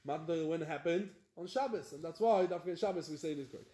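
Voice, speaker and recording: A rabbi teaching Talmud, chanting the text and then explaining it in plain talk. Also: male voice, a little high, fast, warm tone, echoey room. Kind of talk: Talmud lesson, reading and explaining.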